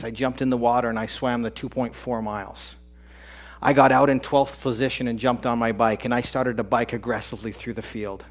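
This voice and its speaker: A man in his forties on stage before a live audience, telling a personal story with building tension, loud peaks and hushed drops. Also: mid-range voice. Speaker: speaker at a live talk event. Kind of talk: dramatic personal storytelling talk.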